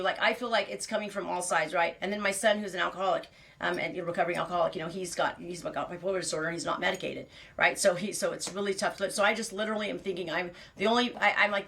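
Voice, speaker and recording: Her voice sits on the low side, creaky yet fairly bright. As host of her own show, this fifties-aged woman rambles through a personal story with blunt fillers and restarts, laughing frequently along the way.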